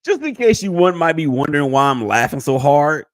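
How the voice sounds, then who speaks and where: A man hosting a sports podcast, jokey and quick to move the talk along. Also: on the high side, big pitch swings, dry recording. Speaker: podcast host. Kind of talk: casual sports chat.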